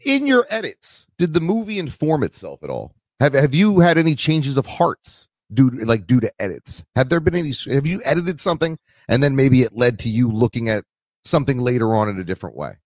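A man's voice: mid-range voice, big pitch swings, darkish tone, no room sound. Chatty man interviewer. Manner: chatty, long rambling questions, quick to laugh. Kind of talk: casual interview.

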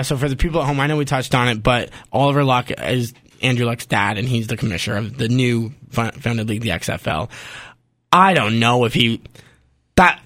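A man from Canada co-hosting a sports podcast, chatting casually in animated bursts with quick asides. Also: medium pitch. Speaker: podcast co-host.

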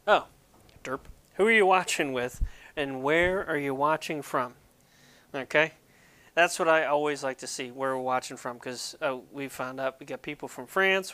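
A Pennsylvania ministry video host gives a casual devotional talk, joking, rambling and poking fun at himself. His mid-range voice moves at a moderate pace, bright and forceful.

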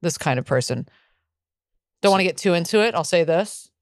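A woman with a slightly low voice, talking casually as a podcast co-host. She tells stories with energy, restarts her sentences and acts out other people's lines. The sound is close and dry. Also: a little fast, no room sound. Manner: animated storyteller, acts out quoted lines with frequent restarts. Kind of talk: casual chat.

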